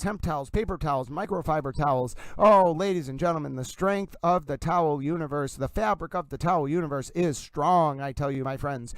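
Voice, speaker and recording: A man hosting a livestream with theatrical, effusive commentary who keeps addressing his audience as ladies and gentlemen. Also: fairly high pitch, clear, resonant tone, no room sound. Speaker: livestream host.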